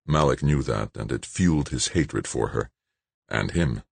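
Man narrating audiobook, extremely deep, husky, lively inflection, dry close sound. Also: unhurried, dry recording. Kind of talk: scripted narration.

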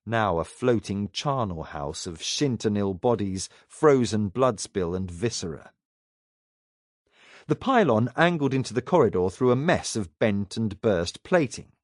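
A man reading science fiction narration aloud in a dramatic, expressive way. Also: mid-range voice, dry recording, clean studio sound. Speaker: audiobook narrator. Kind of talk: scripted narration.

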